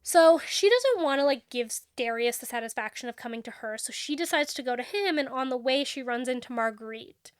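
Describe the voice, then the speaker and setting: A young woman with a high, smooth, resonant voice chats through a book recap for her podcast. She tells the story animatedly, dropping into snappy quoted dialogue as she goes. The sound is dry and close, with no room around it. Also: expressive, a little fast, hardly any pauses, no room sound. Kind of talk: casual book recap chat.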